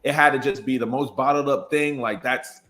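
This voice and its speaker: A man's voice: medium pitch, steady tone, fairly quick, a bit bright. A man in his twenties, an educator and podcast guest, talking in an earnest, reflective way and laughing easily. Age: 20s. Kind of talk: casual conversation.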